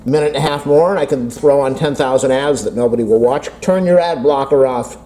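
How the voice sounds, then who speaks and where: A man's voice: mid-range voice, brisk, dark tone, rough recording. A man vlogging about a phone update, rambling and self-deprecating as if talking to himself, recorded on a camera mic from across an indoor room. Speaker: tech vlogger. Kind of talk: rambling casual talk to camera.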